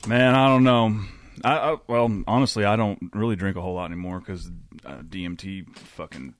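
A man chatting casually on a podcast, halting often as he searches for the right words. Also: lowish voice, steady tone.

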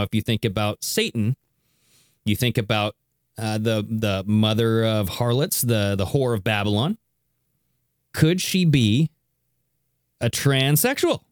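A man hosts a show and talks over the clips he plays. His voice leaps around, and he often jumps into high mock tones. The sound is dry and close. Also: lively intonation, measured pace, pauses often, dry recording. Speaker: host reacting to clips. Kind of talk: casual commentary on videos.

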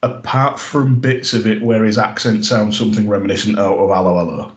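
A low-pitched man talks through a show in relaxed podcast chat. He fills pauses with ums and uhs, restarts his sentences and laughs readily as he goes. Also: poor audio. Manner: chatty, laughs often, many fillers and restarts. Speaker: podcast host.

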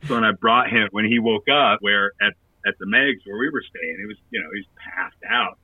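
A man's voice: fairly low pitch, moderate pace, no room sound, recorded from a distance, phone-quality sound. A man who plays in a touring band telling a long, rambling anecdote in casual chat, laughing often and using lots of fillers.

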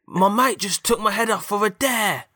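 A man doing a squeaky cheeky robot bloke. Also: normal speed, bright, forceful tone. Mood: blunt, cheery. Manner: high squeaky put-on voice, blunt. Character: cheeky blunt male robot, laid-back bloke.

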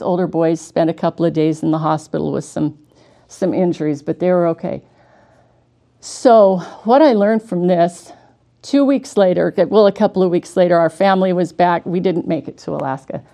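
Earnest woman with a low, mellow voice. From Washington state, USA. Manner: earnest and conversational, with small restarts. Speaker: speaker giving a devotional talk. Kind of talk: heartfelt devotional storytelling.

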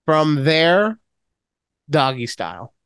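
A man co-hosting a casual podcast, telling a story in a profane and animated way. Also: fairly high pitch, slow, smooth, no echo, studio quality. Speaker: podcast co-host. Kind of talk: casual chat.

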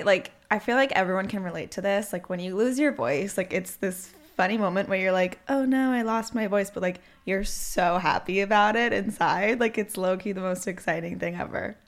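A woman's voice: lowish voice, normal speed, a bit bright. A young woman co-hosting a podcast, chatting casually and reading an ad in an upbeat, filler-heavy way. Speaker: podcast co-host. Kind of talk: casual podcast chat and ad read.

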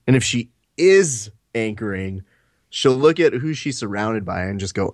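A man's voice: on the low side, expressive, moderate pace, a little mellow, dry recording, studio quality. A man co-hosting a podcast, sarcastic and often acting out mock quotes. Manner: sarcastic, mock-quoting people. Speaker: podcast co-host. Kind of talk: casual chat.

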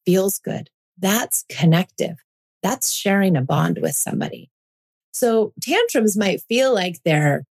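A woman in her forties speaks in a slightly low voice as a podcast host. She is earnest and reassuring and drives her points home by repeating them. The talk is a calm monologue. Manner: earnest, reassuring, emphatic repetition.

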